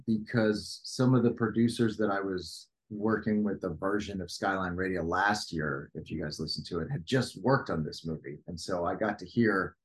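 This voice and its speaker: A man's voice: deep voice, moderate pace, few pauses. A middle-aged man co-hosting a podcast in casual chat, rambling with many stammered restarts. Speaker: podcast co-host.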